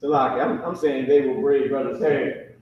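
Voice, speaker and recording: A man teaching a language class in a classroom with a whiteboard, talking loose and slangy and drilling pronunciations by repeating them slowly. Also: medium pitch, steady tone, slight background noise. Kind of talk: casual classroom instruction. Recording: echoey room, distant and muffled.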